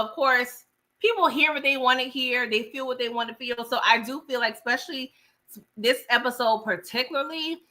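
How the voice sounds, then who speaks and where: A woman's voice: a little high, sharp tone. A young woman chatting casually through a TV episode recap on a livestream, laughing and greeting viewers by name. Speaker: TV show recap host.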